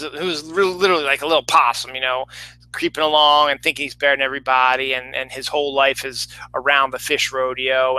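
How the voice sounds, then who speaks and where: A man's voice: medium pitch, sharp tone, clear, resonant tone, low-quality recording. A man giving a casual, rambling film review, full of fillers and restarts.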